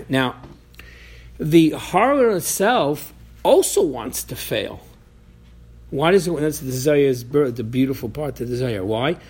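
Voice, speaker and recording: A man's voice: medium pitch, lively intonation, a little slow, long pauses, darkish tone, breathy edge. A man giving an informal Torah class, talking animatedly, acting out voices from the story, and often restarting his sentences. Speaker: Torah teacher.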